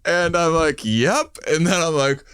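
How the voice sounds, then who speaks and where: A man's voice: a little high, a little slow, fairly bright tone, clean tone, no echo, clean studio sound. A man co-hosting a podcast, telling a long comic anecdote and often laughing through it. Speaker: podcast co-host. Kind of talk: comedic storytelling.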